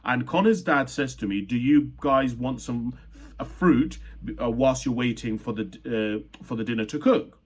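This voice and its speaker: A man's voice: medium pitch, moderate pace. A young man from Uganda telling a personal childhood story in a reflective way, with frequent repeats and fillers.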